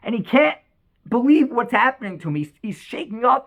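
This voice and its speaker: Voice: mid-range voice, big pitch swings, a little fast, fairly bright tone. Emotive storyteller telling a faith tale. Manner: emotive, repeats words, many restarts. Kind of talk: inspirational religious storytelling.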